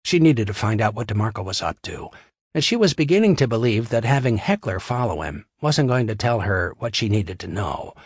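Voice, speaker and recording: A man narrating a crime novel in a steady, wry storytelling manner on a close studio mic. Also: on the low side, brisk, breathy edge, dry recording. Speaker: audiobook narrator. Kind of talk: scripted narration.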